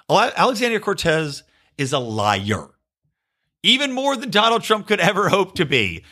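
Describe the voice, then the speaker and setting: A male podcast host delivering a profane political rant in a bright, sharp voice. He swings his pitch around a lot and slips into mocking impressions. His pitch sits a little high for a man. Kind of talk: ranting political commentary.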